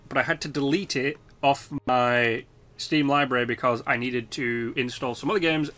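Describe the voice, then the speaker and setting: A man's voice: medium pitch, pushed and bright. A man hosting a casual let's-play video, chatting loosely with lots of fillers and the odd swear. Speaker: gaming video host.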